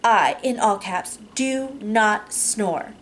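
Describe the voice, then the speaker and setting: A woman's voice: medium pitch, brisk, a little hiss or hum, lightly acted, low-quality recording. A woman voicing a playful young woman teasing her lover, reading her emails aloud in a storybook.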